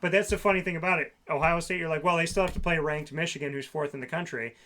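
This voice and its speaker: A man's voice: a little high, fairly even intonation, fast, pushed and bright. A man co-hosting a casual sports talk show, sarcastic and ranting about team rankings.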